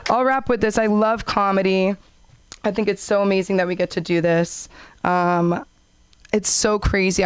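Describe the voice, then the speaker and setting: A young woman doing a stand-up comedy set and hosting an open mic, animated and acting out characters in high voices. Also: smooth, no echo. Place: comedy club stage.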